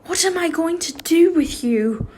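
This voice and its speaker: A woman voicing an affectionate young man speaking softly to his partner in a fan fiction reading. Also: extremely high pitch, expressive, a little slow, a little hiss or hum, voice pushed up. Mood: tender. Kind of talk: fan fiction read-aloud.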